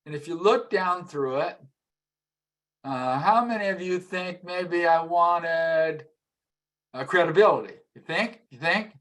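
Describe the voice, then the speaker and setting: Middle-aged guy teaching a class, kinda high voice, chatty, keeps asking the room stuff. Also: takes it slowly, pauses often, fairly bright tone. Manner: conversational, repeats words, asks the audience questions. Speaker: emotional intelligence trainer. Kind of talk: live masterclass lecture.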